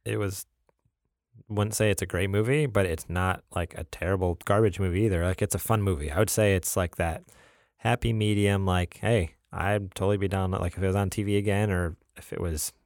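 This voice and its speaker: Male podcast co-host, low and gravelly, loose rambling delivery. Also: steady tone, a little fast, a little mellow, dry recording, clean studio sound. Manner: rambling, many fillers and restarts. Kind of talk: casual podcast chat.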